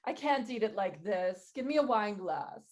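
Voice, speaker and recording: A woman's voice: mid-range voice, expressive, normal speed, natural voice. A woman voicing a haughty, pampered bear who calls people darling, at a tabletop game. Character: pampered diva bear demanding a wine glass.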